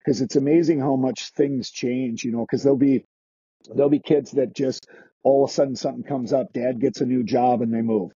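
Dark, husky-voiced chatty man. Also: medium pitch, fairly even intonation, fairly quick, dry recording, dull audio. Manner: chatty, restarts sentences, acts out quoted kids. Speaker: skating instructor. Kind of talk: casual podcast interview.

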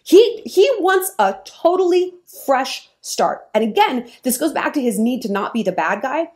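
A woman vlogger speaks straight to her viewers about dating and relationships. Her voice sits on the higher side and swings widely in pitch. She talks emphatically and holds firm opinions. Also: expressive, measured pace, darkish tone. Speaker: vlogger giving dating advice. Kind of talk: monologue to camera.

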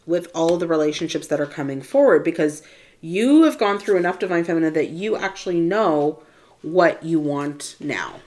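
A woman's voice: deep voice, expressive, moderate pace, a little mellow. A woman giving a casual, chatty tarot reading to her viewers. She often checks in with "right?" and addresses the listener as Divine Feminine. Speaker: spiritual tarot reader.

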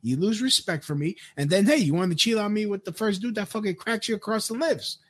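A man's voice: high voice, fairly quick, husky. A man giving a crude, rambling rant, with frequent stammered restarts. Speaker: commentator. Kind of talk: profane rant commentary.

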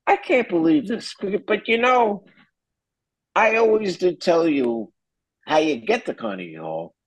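A man voicing his incredulous older father while telling a story, raising his voice high in disbelief. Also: expressive, measured pace, poor audio.

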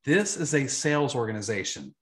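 A man, an insurance agency trainer, giving an emphatic, energetic live online training talk and repeating his key points. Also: mid-range voice, a little fast.

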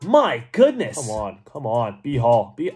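A man giving excited, rambling gameplay commentary as a gaming YouTuber, talking to himself and to his viewers. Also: medium pitch, unhurried, husky, soft background music.

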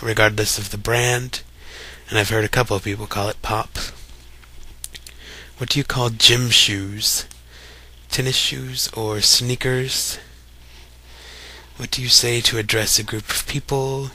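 A young man from Kentucky talks in a relaxed, chatty way with a light Kentucky accent. His voice sits a bit low but has a bright, forceful edge. He reads a list of words aloud one by one, like a casual home recording. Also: unhurried. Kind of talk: casual voice meme reading.

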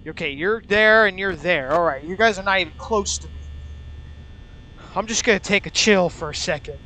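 In this nervous let's-play, a young man who runs a gaming channel curses, mutters and keeps talking to calm himself during a horror game. His high voice sounds pushed and bright at ordinary speed, muffled by a mask over his mouth, with faint hiss or hum.

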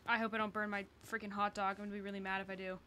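A woman with a bright, sharp-edged voice gives casual, running commentary on a game she is playing. She mutters to herself, grumbles and swears, and a faint hum of room ambience sits behind her. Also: medium pitch, little pitch movement, rapid-fire. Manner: exasperated, swearing, talking to herself. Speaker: streamer.

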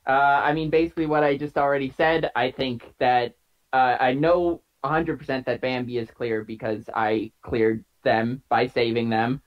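A man's voice: mid-range voice, fairly even intonation, moderate pace. A man playing a party game over a video call, earnestly laying out his reasoning in long run-on sentences. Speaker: player. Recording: dull lo-fi call audio.

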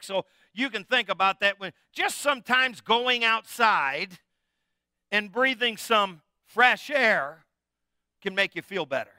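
A man's voice: sits high, animated, measured pace, pushed and bright, dry recording, studio quality. A middle-aged man, a pastor, preaching a conversational, jokey sermon with call-and-response to his congregation.

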